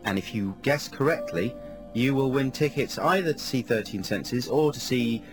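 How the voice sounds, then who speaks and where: Radio co-host, mid voice. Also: male voice, medium pitch, animated, normal speed. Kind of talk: comedy radio chat. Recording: radio broadcast with music underneath.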